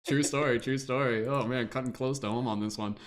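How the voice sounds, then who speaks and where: A man's voice: medium pitch, fairly even intonation, a little fast, slight background noise. A young man casually hosting an improv game on a podcast, rambling with lots of fillers and restarts. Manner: rambling, filler-heavy, self-correcting. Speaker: host.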